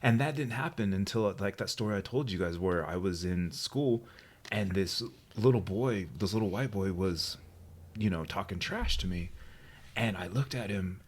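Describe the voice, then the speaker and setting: Low, husky man telling stories. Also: moderate pace. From New Mexico, USA. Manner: animated storyteller, often checks in with "you know what I mean?". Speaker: podcast co-host. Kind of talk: casual chat, storytelling.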